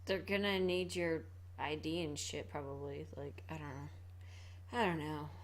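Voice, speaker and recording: A woman's voice: deep voice, steady tone, unhurried. A woman co-hosting a casual movie commentary, blunt and sarcastic about the characters. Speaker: commentary co-host.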